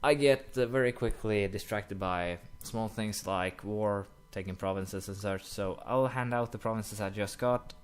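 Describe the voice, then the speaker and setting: Low, smooth-voiced young man playing a game. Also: a little slow, hardly any pauses. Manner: rambling, many "uh" fillers, apologetic asides. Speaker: gaming commentator. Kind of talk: casual let's-play commentary.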